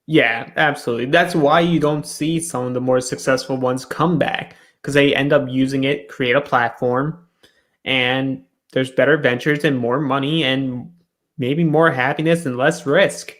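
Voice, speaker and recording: A man's voice: medium pitch, steady tone, measured pace, a bit bright. A man co-hosting a reality show recap in a casual chat, retelling scenes and briefly acting out the cast's lines.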